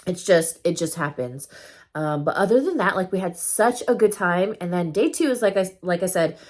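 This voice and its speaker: Chatty woman vlogger, lowish voice. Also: expressive, moderate pace, darkish tone. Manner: chatty, filler-heavy, casual swearing. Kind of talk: casual story time.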